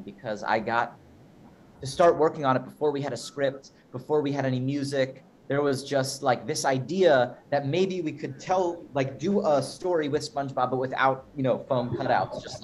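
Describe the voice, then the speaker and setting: Young male guest actor, mid-pitched, rambling and chatty on a video call, faint hiss. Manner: rambling, chatty, lots of fillers. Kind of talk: casual chat.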